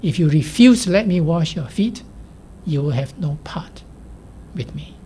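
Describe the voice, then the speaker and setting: A woman preaching a sermon in a measured, emphatic way, at times sinking to a near whisper. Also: low-pitched, expressive, warm tone, slight background noise.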